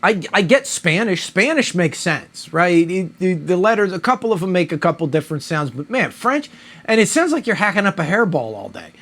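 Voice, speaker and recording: A man's voice: high-pitched, sing-song, a little fast, a bit bright. A man reviewing a beer in a casual, rambling monologue, mock-outraged and profane.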